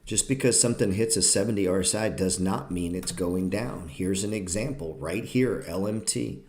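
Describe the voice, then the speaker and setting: Blunt, profane low-voiced male trading teacher. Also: normal speed, a little mellow, a little hiss or hum. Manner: blunt, profane, lecturing, often sarcastic. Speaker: trading educator and show host. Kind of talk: live-streamed trading class.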